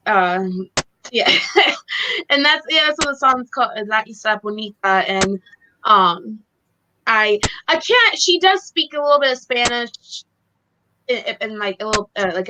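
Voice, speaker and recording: A woman's voice: mid-range voice, animated, measured pace, noisy background. A woman chatting casually as co-host, giggling often and hesitating with many fillers. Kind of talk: casual chat.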